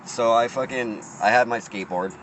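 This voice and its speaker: A man's voice: mid-range voice, normal speed, fairly bright tone, slight background noise, rough recording. A man telling a rambling, profane story in casual talk, often restarting his sentences.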